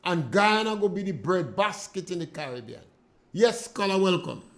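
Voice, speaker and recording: A man's voice: high voice, sing-song, normal speed, a bit bright. A man with a Grenadian accent hosting a call-in radio show, giving indignant and emphatic political commentary. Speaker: radio talk show host. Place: radio studio.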